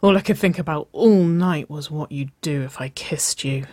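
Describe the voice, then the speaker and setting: An intense young woman speaks in hushed, urgent confessions that firm up into commands, as a reader puts her on. She stays slow and intimate, recorded dry and close. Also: dry recording, close to an everyday voice. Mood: confessing. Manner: low, husky-edged urgency, whispered confessions.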